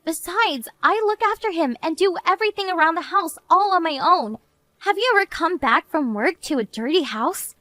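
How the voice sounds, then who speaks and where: Brief: female voice as a weary young mother, earnest and pleading, high-pitched. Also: moderate pace, no room sound, exaggerated voice. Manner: earnest, pleading, then flat and resigned. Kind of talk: animated story narration.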